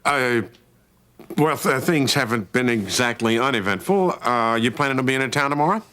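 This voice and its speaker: Hesitant, harried businessman, voiced by a man; bright, lively tone. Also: mid-range voice, normal speed, natural voice. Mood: evasive. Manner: hesitant, stammering.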